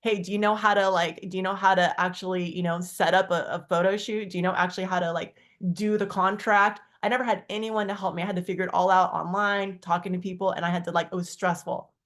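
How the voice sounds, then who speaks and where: A woman's voice: flat delivery, fast talker, few pauses, a bit bright. Earnest woman sharing a personal story. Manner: earnest, rambling with many restarts and fillers; acts out quoted dialogue with big pitch jumps. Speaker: guest speaker on a community call. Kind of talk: personal testimony on a video call.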